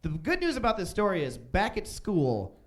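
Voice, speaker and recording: A man in his thirties from Chicago doing stand-up comedy on a club stage, telling profane stories and jumping into loud voices for quotes. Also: high voice, wildly swooping pitch, normal speed, slight background noise. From Chicago, USA. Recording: roomy club stage echo.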